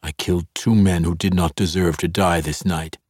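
Man playing a grim dark elf swordsman, calm menace, very deep voice, no room sound. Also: normal speed, no room sound, studio quality. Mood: somber menace. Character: grim male dark elf weapon master, cold and menacing.

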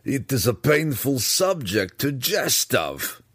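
A man reading aloud, voicing a gruff male deep gnome mining leader with slow, grave lines. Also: sing-song, a bit bright, no room sound, clean studio sound, heavily acted.

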